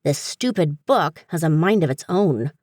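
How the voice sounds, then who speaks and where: A gruff, exasperated little winged male creature, played by a woman narrating an audiobook. He speaks low and dark, with a short, grumbling manner. The sound is dry and close to the mic. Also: animated, a little slow, no room sound.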